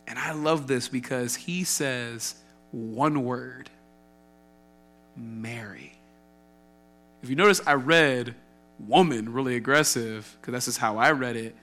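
A man's voice: mid-range voice, a little slow, fairly bright tone. A man preaching a sermon, emphatic, asking rhetorical questions and acting out quotes.

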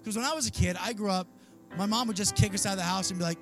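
A man's voice: sits high, rapid-fire. A man in his thirties preaching a sermon in a conversational, earnest way, acting out voices in his stories. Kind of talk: sermon with personal story. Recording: faint music underneath. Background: soft instrumental music.

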